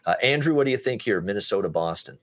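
A man's voice: on the low side, expressive, fast. A man hosting a sports betting podcast, talking at length in a casual way with many "uh" fillers. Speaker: podcast host.

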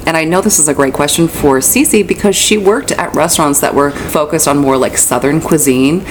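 A woman hosting a podcast, chatty and self-deprecating and quick to laugh. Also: sits low, a little hiss or hum, rough recording. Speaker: podcast host. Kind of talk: casual podcast chat. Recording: music playing under the voice.

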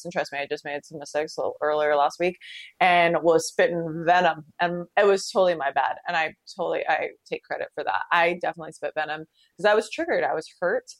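A young woman hosting a podcast, telling a personal story in a candid, animated way. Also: lowish voice, dry recording. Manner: candid, animated storytelling with frequent laughs and swearing. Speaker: podcast host. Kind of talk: casual personal monologue.

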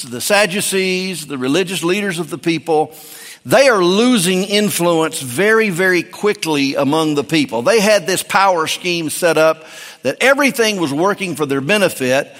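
A male preacher delivers a sermon in a folksy, emphatic manner. His voice sits a bit high for a man. He speaks into a pulpit mic, and a long church reverb follows each phrase. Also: fairly bright tone. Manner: folksy, emphatic, with frequent restarts.

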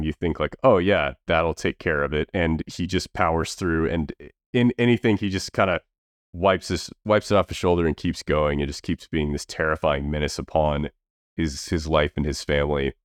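A man's voice: sits low, no echo, studio quality. A man co-hosting a podcast, chatting casually about films with lots of fillers and restarts. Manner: rambling, many fillers and restarts. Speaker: podcast co-host reviewing movies. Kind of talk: casual movie review chat.

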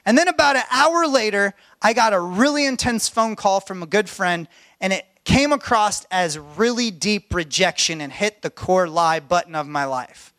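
A man's voice: high voice, animated, moderate pace, a bit bright, dry recording. A middle-aged man, a pastor, telling personal stories in a sermon in an earnest, heartfelt way.

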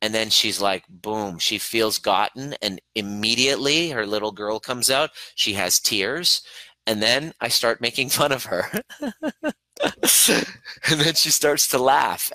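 Male relationship coach, middle-aged, earnest and hands-on; bright, forward tone in a dry room. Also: on the low side, unhurried, no echo, low-quality recording. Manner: earnest, coaching, acts out examples in a soft cooing voice. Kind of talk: motivational talk to camera.

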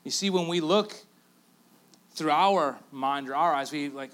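A male pastor with a Canadian accent preaching a sermon, telling the story with lively, acted-out quotes and dropping to quiet asides for emphasis. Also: high voice, fairly quick. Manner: animated storytelling, acting out quotes; drops to a near-whisper for emphasis.

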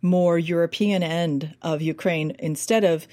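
An American woman with a somewhat low-pitched voice talks as an accent coach in an interview. She explains in an animated way and demonstrates sounds along the way. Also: a little slow, no room sound. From United States.

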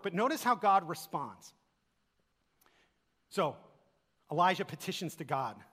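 A man's voice: sits high, big pitch swings, unhurried, long pauses, fairly bright tone, husky. A man preaching a sermon as pastor, earnest and full of rhetorical questions, recorded in a church sanctuary. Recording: long hall reverb.

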